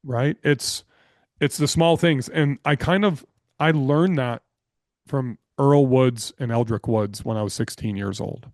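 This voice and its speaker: A man guesting on a podcast, telling business stories in an energetic, blunt way and swearing freely. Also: mid-range voice, unhurried, no echo, studio quality. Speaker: podcast guest, real estate investor. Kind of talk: casual interview storytelling.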